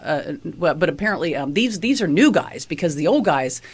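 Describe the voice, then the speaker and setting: A man co-hosts a radio show from home, his voice pitched a little high and bouncing animatedly through its range. He talks casually, pokes fun at himself and often stumbles back into his sentences. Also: sing-song, a little fast, slightly rough, no room sound. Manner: self-mocking, stumbling restarts. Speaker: radio co-host. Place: at home, calling in.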